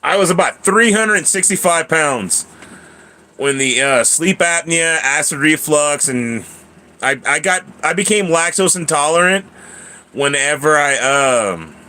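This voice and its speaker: A man's voice: a little high, lively intonation, measured pace, sharp tone. A man in his thirties hosting a casual livestream, rambling and chatty as he answers viewers by name. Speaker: livestream host.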